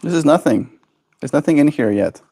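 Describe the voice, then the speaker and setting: A man livestreaming at home. He chats casually with his viewers and talks baby talk to his pet birds in a high, cooing voice. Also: expressive, a little fast, vocal fry, warm tone, breathy edge.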